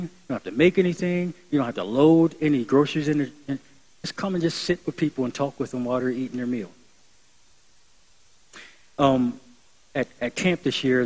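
A young adult man preaching to his church in an earnest, conversational way. His delivery swells into emphatic, lifted phrases and then drops back to a quieter, reflective tone. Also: medium pitch, low-quality recording. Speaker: pastor. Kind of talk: sermon.

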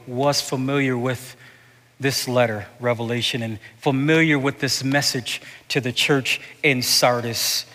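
High-voiced preacher guy, slow and fiery, church echo all around. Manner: impassioned, swinging from shouts to hushed slow phrases; reads an old sermon aloud in a rising preaching cadence. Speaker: pastor. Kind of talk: sermon. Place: church sanctuary.

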